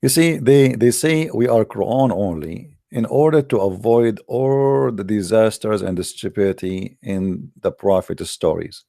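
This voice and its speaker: A man with a gravelly, creaky voice hosts a call-in debate, blunt and scornful, hammering his points through repetition. The sound is dry and close to the mic. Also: fairly low pitch, a little slow, hardly any pauses, warm tone, no room sound. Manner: blunt and scornful, repeats himself. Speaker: host of call-in debate show.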